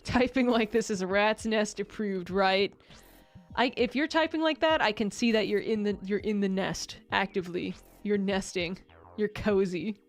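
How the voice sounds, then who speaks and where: A woman's voice: medium pitch, moderate pace, faint music behind. A woman streamer chatting casually with her viewers, rambling and self-mocking and often breaking into laughter.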